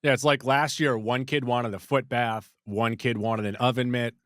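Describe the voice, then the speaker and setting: A man's voice: medium pitch, fairly even intonation, normal speed, fairly bright tone, no echo, clean studio sound. A man co-hosting a movie podcast, chatting casually and playfully. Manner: playful, jokey, rattles off lists. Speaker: podcast co-host. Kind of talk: casual chat.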